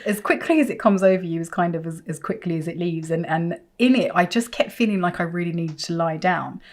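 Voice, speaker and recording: In a vlog, a woman recounts something from her own life at a fairly quick clip. She speaks emphatically and with animation, her pitch suddenly leaping up.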